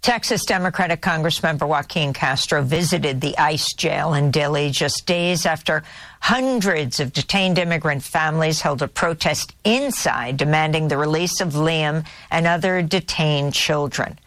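A woman hosting a news program, reading reports and questioning a guest in a measured, clear way. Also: sits low, a bit bright, no room sound. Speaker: news host. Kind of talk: news presenting and interviewing.

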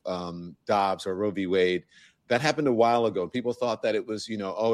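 Lower-voiced male news talk host. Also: dry recording. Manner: conversational, loose, restarts sentences.

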